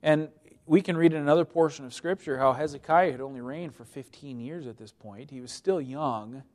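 A man with a high voice preaching a sermon. He reads scripture aloud and explains it with strong emphasis. He rises to loud, pleading passages, then drops to quiet, low-key asides. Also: a little fast.

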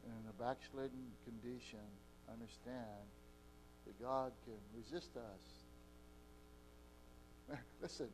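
A man preaching a sermon with impassioned delivery, his loudness swinging between soft and strong. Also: mid-range voice, slow pace, long pauses, slight background noise. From Eastern Oregon.

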